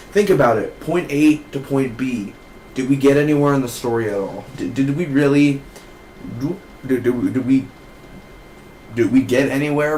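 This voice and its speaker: A man with a middle-pitched voice talks through a TV episode in a loose, rambling way. He corrects himself mid-sentence and piles on rhetorical questions. Faint music plays behind him. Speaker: TV episode reviewer. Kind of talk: casual spoiler recap.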